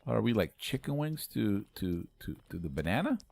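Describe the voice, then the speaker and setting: A man hosting a live game stream, chatting playfully with viewers and bursting into loud exclamations. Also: fairly low pitch, big pitch swings, brisk, creaky. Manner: argues jokingly with chat. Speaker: livestream host playing a game with viewers. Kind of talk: live gaming commentary.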